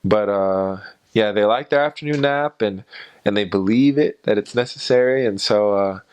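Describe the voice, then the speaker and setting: A young man casually telling stories about his time as a missionary, rambling with many pauses and fillers. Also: fairly low pitch, a little mellow, clear, resonant tone. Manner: rambling, frequent "uh" and "and so". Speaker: former missionary. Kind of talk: casual storytelling.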